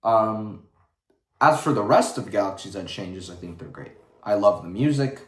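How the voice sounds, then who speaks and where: A man's voice: lowish voice, lively intonation, normal speed. A man giving a casual livestream rant in a blunt, profane, rambling way. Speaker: vlogger. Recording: roomy echo.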